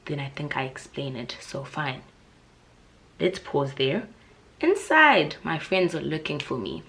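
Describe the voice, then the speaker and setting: A young woman with a South African accent, telling a casual storytime vlog in an animated, dramatic way, with shrill high voices for the people she quotes and hushed whispers for the tense parts. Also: a little slow, creaky. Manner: drops into hushed whispers when telling suspense. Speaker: YouTuber.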